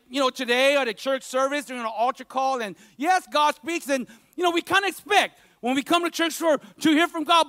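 A man with a very high, forceful voice preaches a sermon to his congregation. He talks casually, scattering "you know" through his stories, then drives his points home with emphatic preaching. The sound is close and dry. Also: no echo. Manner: conversational, peppered with "you know". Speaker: pastor.

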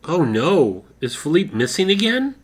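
A man's voice: on the high side, big pitch swings, measured pace, breathy edge. A man hosting a comedy podcast who trades goofy, eager in-character banter with a field reporter.

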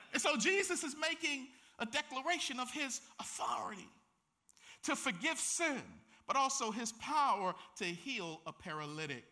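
A man preaching a sermon, acting out the scenes he describes with casual slang and big swings between loud and soft. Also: very high voice. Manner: dramatic, acts out scenes with slang and shifting loudness.

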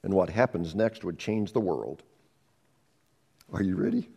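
Man preaching a sermon, lively pitch, acts out dialogue, loud then hushed. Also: unhurried, vocal fry, husky, in a large hall. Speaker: pastor.

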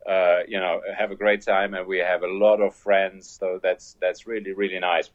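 A man's voice: sits low, little pitch movement, normal speed. A German man with a German accent, a guest musician being interviewed over a remote line, apologetic and good-humoured. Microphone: remote call line. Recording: dull lo-fi call line.

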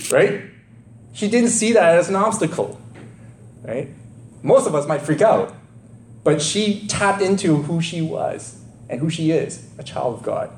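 A male preacher delivers a sermon with a high, lively voice. He talks conversationally and fires off rhetorical questions. The sound rings with a roomy echo. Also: a little slow, long pauses, a little hiss or hum.

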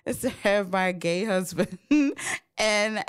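Woman co-host, blunt and laughing often, clear smooth voice. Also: mid-range voice, expressive, slow. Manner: blunt, giggly, lots of fillers. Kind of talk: casual chat.

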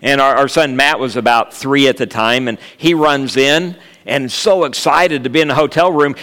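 A man's voice: fairly high pitch, normal speed, few pauses, fairly bright tone. Joking male preacher in a reverberant church. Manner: humorous, storytelling, jokes with the congregation. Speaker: guest preacher. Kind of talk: sermon. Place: church sanctuary.

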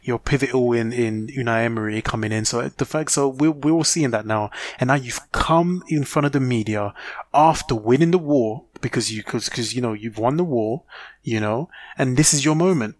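A man's voice: mid-range voice, normal speed. A man co-hosting a casual football podcast, heated and opinionated, with lots of fillers and restarts. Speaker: podcast co-host.

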